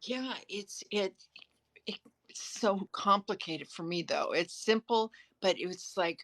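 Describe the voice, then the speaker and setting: A woman's voice: mid-range voice, fairly bright tone, dry recording. Earnest woman sharing tips. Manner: earnest, shares tips, halting restarts. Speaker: author and co-host. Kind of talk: casual live-stream chat. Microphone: phone.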